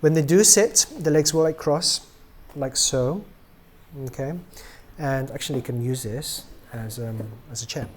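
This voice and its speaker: A middle-aged man casually demonstrating how to pose and reset a doll's joints, relaxed and chatty, with many ums, trailing off quietly at the ends of phrases. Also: mid-range voice, unhurried, a little hiss or hum. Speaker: doll maker demonstrating a product.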